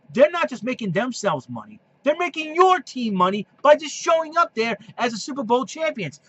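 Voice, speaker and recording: A man's voice: high voice, a bit bright. A man hosting a solo sports and wrestling podcast. He rambles and restarts his sentences, then slides into heated rants that scold opposing fans. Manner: rambling, repeats himself and restarts. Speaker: podcast host. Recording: dull lo-fi recording.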